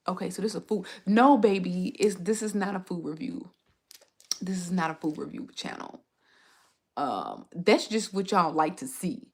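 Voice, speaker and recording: A woman's voice: mid-range voice, expressive, moderate pace, creaky, slightly rough. A young woman chatting casually on a livestream, rambling through stories with frequent restarts. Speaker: food and travel content creator streaming live.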